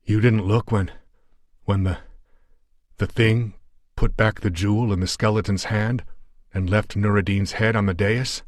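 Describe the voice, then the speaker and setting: A man's voice: lowish voice, steady tone, no echo, clean studio sound, lightly acted. Man playing a haunted, somber American adventurer. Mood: shaken. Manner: halting, somber speech. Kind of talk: audiobook character voice.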